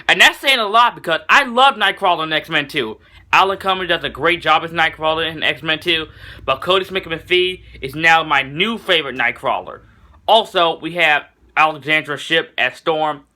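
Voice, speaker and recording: A young man talks through a movie review in a casual, excited way, often stopping to correct himself. His voice is bright and forceful and sits somewhat high. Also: normal speed. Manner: enthusiastic, rambling, self-correcting.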